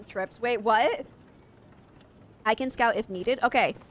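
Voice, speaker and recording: A woman's voice: a little high, slow, a little hiss or hum. A young adult woman streaming a game, chatting casually and rambling straight to her viewers. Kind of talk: casual live-stream chat.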